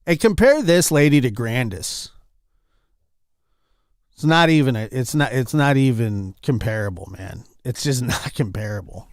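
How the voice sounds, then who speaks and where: A man's voice: mid-range voice, lively intonation, measured pace, no room sound, studio quality. A man hosting an online commentary show, reacting to news clips in an exasperated, repetitive way. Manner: exasperated, repetitive, swings loud and soft. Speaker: commentary channel host.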